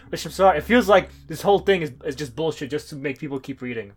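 A man's voice: a little high, lively intonation, fast talker, husky. A man in a casual comics chat who talks bluntly, swears and often restarts his sentences.

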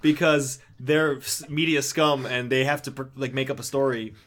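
A man's voice: medium pitch, fairly even intonation, normal speed, a bit bright. A man co-hosting a casual podcast who retells a manga plot in a laid-back way and laughs as he talks. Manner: laid-back storytelling, laughs while talking. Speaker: podcast co-host. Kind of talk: casual chat recapping manga.

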